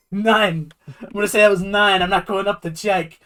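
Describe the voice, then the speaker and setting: A co-commentator reacting loudly to a wrestling match, shrieking, swearing and laughing. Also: mid-range voice, steady tone, moderate pace. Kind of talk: excited color commentary.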